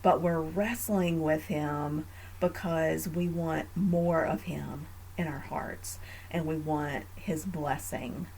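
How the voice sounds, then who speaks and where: A woman hosting a faith podcast, talking in an earnest, reflective way with frequent fillers and growing animated in family stories. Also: low voice, slow pace, creaky, slight background noise, rough recording. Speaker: podcast host.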